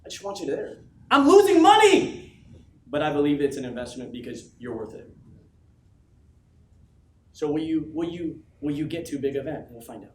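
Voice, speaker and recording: A man giving a motivational speech to his team, emphatic and swinging from low, intimate lines to loud, shouted questions he keeps repeating. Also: a little fast, pauses often, slight background noise. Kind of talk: motivational speech to a live audience. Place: large office room with an audience. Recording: echoey room from a distance with faint ambience.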